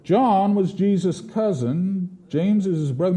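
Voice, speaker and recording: Male preacher, slightly higher voice, mellow, unhurried, swings into bold declamation. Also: a little hiss or hum. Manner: slow deliberate preaching, rising to forceful declamation in scripture readings. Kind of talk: sermon.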